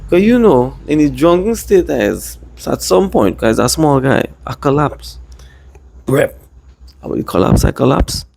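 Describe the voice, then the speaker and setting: A man from Trinidad with a Trinidadian accent, casually telling a rambling personal story in lively dialect. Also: on the high side, measured pace, creaky, a little hiss or hum. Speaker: vlogger.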